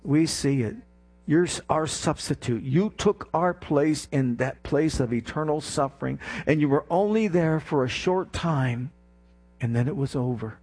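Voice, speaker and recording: A male preacher gives a passionate sermon in a slightly rough, mid-range voice. He swings from soft, intimate passages to rising exclamations and calls on the congregation to respond.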